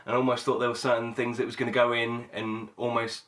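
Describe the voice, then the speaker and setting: A man's voice: mid-range voice, flat delivery, fast talker, fairly bright tone. A man hosting a casual podcast chat, rambling with many fillers and restarts. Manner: rambling, hesitant, lots of fillers. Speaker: podcast host.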